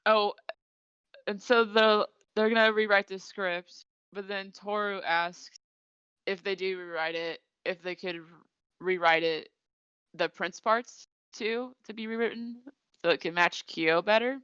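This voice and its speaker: A woman's voice: medium pitch, steady tone, a little slow, fairly bright tone, clean tone, dry recording, dull audio. A woman co-hosting a podcast, rambling through a casual episode recap with lots of "like". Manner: rambling retelling, many "like" fillers. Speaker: podcast co-host.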